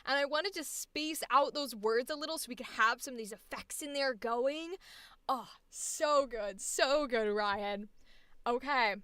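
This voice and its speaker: A woman's voice: high-pitched, unhurried, sharp tone, smooth, no echo. A woman voice acting instructor giving effusive, chatty commentary on a livestream showcase. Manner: effusive, gushing, chatty with y'all.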